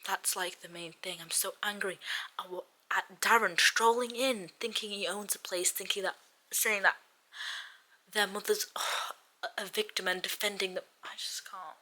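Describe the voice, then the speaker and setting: Woman book vlogger, casual and bright, flips between whispers and exasperated giggling. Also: medium pitch, steady tone, normal speed. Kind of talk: casual reading vlog.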